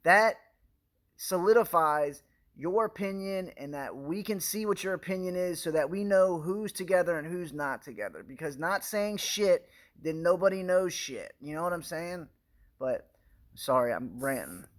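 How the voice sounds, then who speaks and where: High-voiced man in a pleading rant. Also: animated, moderate pace. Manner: pleading, repeats himself, stumbles and restarts. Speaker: video blogger addressing viewers. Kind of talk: impassioned direct-to-camera rant.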